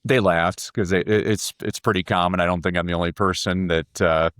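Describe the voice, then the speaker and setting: A guest on a podcast, who is a speaker and professor, tells stories with animated enthusiasm, often repeating his first words before a sentence takes off and acting out quotes. His low-pitched voice is steady in tone, a little fast and a bit bright, recorded dry with studio quality.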